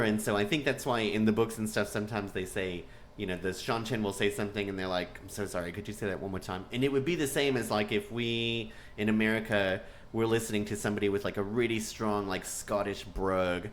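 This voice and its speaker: Guy from texas doing an episode breakdown, low-ish voice, super animated and laughing a lot. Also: a little hiss or hum. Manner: animated, excitable, laughs often. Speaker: show reviewer.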